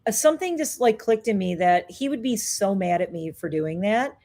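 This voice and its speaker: A woman's voice: medium pitch, lively intonation, normal speed, warm tone. A woman in her fifties, a beauty vlogger chatting candidly and reflectively through her skincare routine. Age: 50s. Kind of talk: casual chat during a skincare routine.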